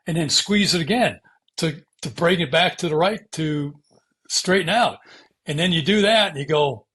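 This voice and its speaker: A fairly high, somewhat bright voice with a breathy edge, moving at a moderate pace, belongs to an older American ex-fighter pilot. Being interviewed, he tells animated stories, imitating radio calls and hissing brakes and cursing casually.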